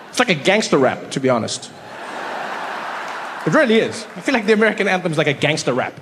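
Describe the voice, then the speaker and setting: A stand-up comedian from South Africa with a high-pitched voice, animated and quick to act out shouting crowds. He is recorded live in a big hall with a long echo and faint room noise behind him.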